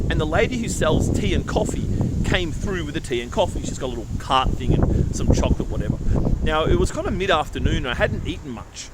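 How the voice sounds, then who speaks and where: An Australian man vlogging outdoors, chatting casually and acting out conversations as he tells stories. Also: fairly high pitch. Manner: animated storyteller who acts out conversations. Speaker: travel vlogger. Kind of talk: casual travel vlog monologue. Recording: street noise and passing traffic.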